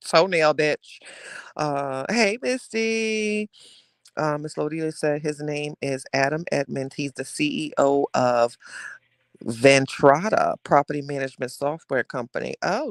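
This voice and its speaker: A man hosts a casual gossip podcast, reading the live chat and speaking straight to his listeners in a sassy, dramatic way with drawn-out storytelling. His voice is a little high with fairly even intonation, recorded in a clean studio with no room sound.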